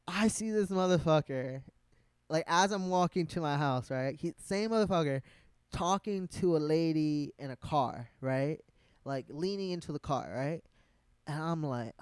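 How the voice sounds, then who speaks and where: A man casually telling a long personal story, rambling with lots of fillers and plenty of swearing, growing animated at the peaks. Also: fairly high pitch, unhurried, smooth, no echo. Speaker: vlogger.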